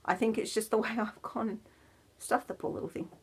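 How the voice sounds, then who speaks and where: A woman hosting a knitting podcast in a casual, rambling chat, with self-deprecating laughs and soft asides that drop almost to a whisper. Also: on the high side, steady tone, a little fast, husky.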